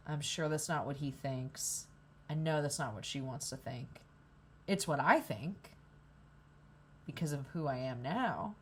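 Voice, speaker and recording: A woman's voice: deep voice, a little slow, long pauses, a little hiss or hum. A young woman rambling in a candid, profane vlog at a coffee shop, hungover. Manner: rambling, profane, self-deprecating. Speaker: vlogger.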